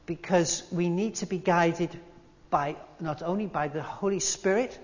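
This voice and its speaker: A man preaching a sermon in a conversational, gently humorous way. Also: a little high, in a large hall, highs cut off.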